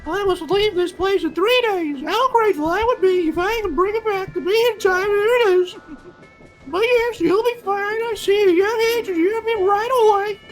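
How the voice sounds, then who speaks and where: A woman voicing an eerie, overly polite male mask salesman in a shrill, sing-song voice. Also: normal speed, faint music behind. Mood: pleading polite.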